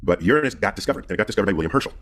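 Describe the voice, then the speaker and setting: A man's voice: fairly low pitch, animated, very fast, fairly bright tone. A man casually explaining science, rambling and repeating words with frequent chuckles.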